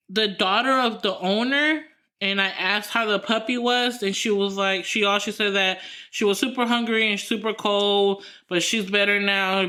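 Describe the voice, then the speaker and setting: A woman co-hosting a podcast speaks at medium pitch with a bright, forceful tone. In casual chat, she rambles through her story with plenty of fillers and restarts.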